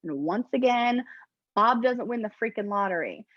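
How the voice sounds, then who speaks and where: A chatty woman gives a casual motivational talk, laughing often and poking fun at herself. Her voice sits somewhat high. The recording is dry and a little dull. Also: lively intonation, moderate pace, no room sound. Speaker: network marketing presenter.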